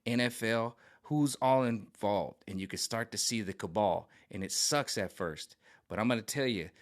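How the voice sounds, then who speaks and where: A man vlogging, talking casually and rambling, swinging between loud outbursts and low muttering, with plenty of slang. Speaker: political vlogger. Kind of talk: casual rambling monologue to camera.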